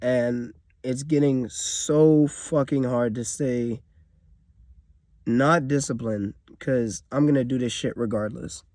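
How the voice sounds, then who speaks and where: A man's voice: mid-range voice, fairly even intonation, slow, a little mellow, no echo, clean studio sound. A man in his twenties giving a blunt, profane, emotional vlog rant from inside his car. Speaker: vlogger.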